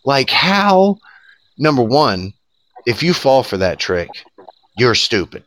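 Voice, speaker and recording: A man's voice: mid-range voice, takes it slowly. A man co-hosting a casual podcast, ranting sarcastically and swearing freely. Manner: profane, sarcastic, animated ranting with laughs. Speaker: podcast co-host. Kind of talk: casual political podcast rant.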